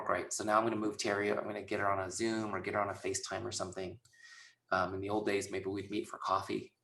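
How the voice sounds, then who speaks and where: A low, gravelly man's voice with a bright edge, leading a casual sales training over a video call. He keeps acting out little exchanges with clients and customers. The sound is echoey, as if he is in a hard-walled room. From Southern California. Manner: chatty, acts out both sides of conversations. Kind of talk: webinar training talk.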